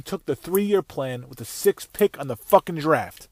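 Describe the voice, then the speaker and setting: A man's voice: a little high, lively intonation, measured pace, few pauses, darkish tone, dry recording. A man hosting his own show, ranting angrily about football with heavy swearing and rambling restarts. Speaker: podcast host. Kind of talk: profane sports rant. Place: on the way to work, solo recording.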